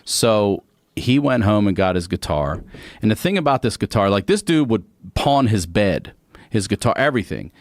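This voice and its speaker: A man's voice: on the low side, moderate pace, no echo, clean studio sound. A man from Baltimore telling a long funny story in casual chat, acting out voices as he goes. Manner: animated, acts out voices and sings bits. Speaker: comedian guest.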